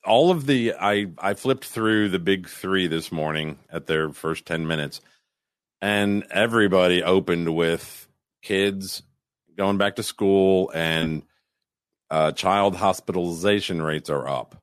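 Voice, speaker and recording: A man with a very low voice recaps headlines on a podcast. He talks casually and stumbles over fillers as he goes. The recording is dry and close to the mic. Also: takes it slowly, clear, resonant tone, no room sound. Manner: hesitant, filler-heavy news recap. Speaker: podcast co-host. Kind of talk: casual political podcast chat.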